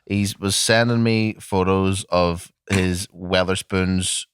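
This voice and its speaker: A man's voice: sits low, steady tone, slow, clear, resonant tone, dry recording, clean studio sound. A man with a Liverpool accent, co-hosting a comedy gaming podcast in casual, sweary banter. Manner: sweary, laid-back. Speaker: podcast co-host.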